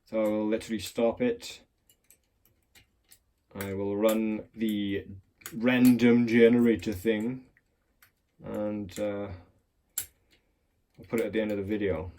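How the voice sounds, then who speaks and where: His voice is warm and fairly low, steady in tone, slow, and often broken by pauses. The lock-picking hobbyist chats casually during a demonstration, rambling and swearing with a self-mocking edge, all captured on a clamped phone.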